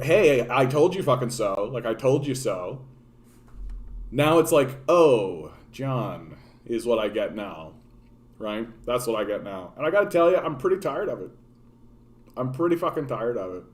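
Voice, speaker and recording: Canadian man, political streamer, mid-pitched voice, profane sardonic rambling to chat. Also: a little mellow. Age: adult, grown since his younger days. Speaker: political livestream host. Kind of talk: casual rant to live chat.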